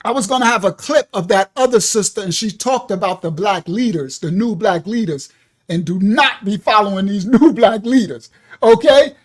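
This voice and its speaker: A man hosting a livestream, reacting to clips loudly and laughing often into his own microphone. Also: sits high, normal speed. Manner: animated, loud, laughs often. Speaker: livestream host. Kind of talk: live reaction commentary.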